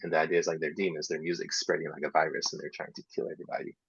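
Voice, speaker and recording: A low-voiced man with a gravelly, husky tone talks teachers through a lesson in a relaxed way, now and then sinking into soft half-whispered asides. The sound is dull and lo-fi, dry and close. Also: rapid-fire, dry recording. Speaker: English teacher trainer. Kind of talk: casual workshop talk.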